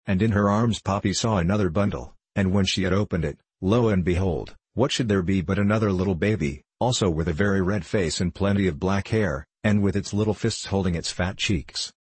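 A man narrating an old-fashioned children's story in a measured, gentle way. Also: low voice, breathy edge, dry recording. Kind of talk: storybook reading.

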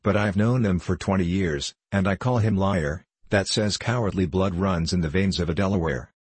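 A man's voice: low voice, moderate pace, darkish tone, breathy edge, no room sound. A man reading the part of a blunt, stubborn veteran frontier scout who talks in plain old-fashioned backwoods speech.

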